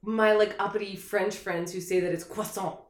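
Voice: mid-range voice, fairly even intonation, moderate pace. Playful speaker chatting in an echoey room. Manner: short backchannel replies, playful teasing. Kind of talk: casual chat.

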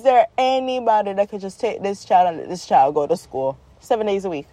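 A woman talking casually about her children, exasperated and animated, acting out the quotes as she tells the story. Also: mid-range voice, brisk, hardly any pauses, dry recording. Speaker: mother, vlogger.

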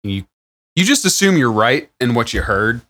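A man's voice: medium pitch, moderate pace. A man co-hosting a podcast, laying out absurd advice in a matter-of-fact way. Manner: deadpan mock advice. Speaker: podcast co-host. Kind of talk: casual chat.

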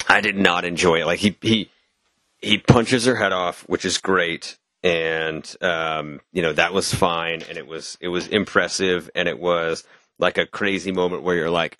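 A man's voice: low voice, fairly even intonation, moderate pace, sharp tone, no room sound. A man hosting a casual movie review chat, blunt and sardonic.

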